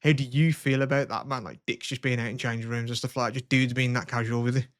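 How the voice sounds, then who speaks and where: A man's voice: medium pitch, fairly even intonation, quick pace, dry recording, clean studio sound. A young man hosting a podcast, telling crude rambling stories in casual chat. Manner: rambling storytelling, swears a lot. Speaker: podcast host.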